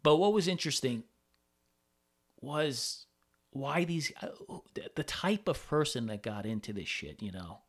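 A man's voice: mid-range voice, very animated, measured pace, breathy edge. A man hosting a podcast, talking in a rambling, profane casual monologue with many restarts. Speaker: podcast host.

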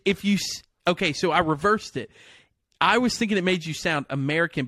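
A man with a Southern US accent co-hosting a casual podcast chat, laughing often and talking excitably. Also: fairly high pitch, no room sound. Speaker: podcast co-host.

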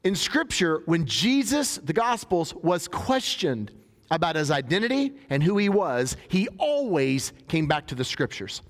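A man's voice: high-pitched, sing-song, unhurried. A man preaching a sermon in a casual, joking way, reading scripture and paraphrasing it in everyday talk. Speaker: pastor. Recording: long hall reverb.

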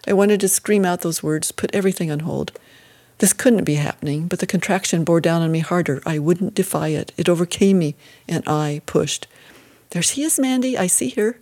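A woman narrates a first-person story in the manner of an audiobook. Her voice sits a bit low, and her reading is steady and measured.

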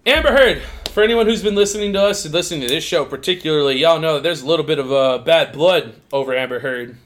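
A man's voice: a little high, quick pace, fairly bright tone. A young man co-hosting a casual podcast, rambling and swearing, filling his talk with "like.". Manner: rambling, profane, heavy use of "like". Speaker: podcast co-host.

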